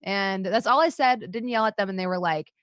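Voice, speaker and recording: A woman co-hosting a casual chat podcast, sarcastic and animated, swearing and acting out her own comebacks. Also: mid-range voice, fairly quick, clean tone, dry recording. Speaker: podcast co-host and streamer.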